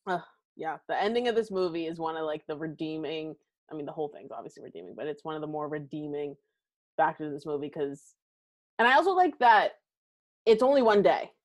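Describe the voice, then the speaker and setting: A woman's voice: deep voice, fairly quick. A young adult woman hosting a podcast, chatting casually and expressively about a movie, filling her talk with "like". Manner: chatty, heavy use of "like", expressive. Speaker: podcast host.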